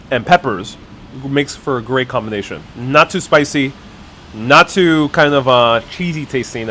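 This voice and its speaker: A man's voice: medium pitch, fairly bright tone, a little hiss or hum. A man hosting a casual live stream from a cafe, tasting food and chatting to viewers, thinking aloud with fillers and restarts. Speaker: live-stream city vlogger. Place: cafe in the city. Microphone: wireless clip-on mic.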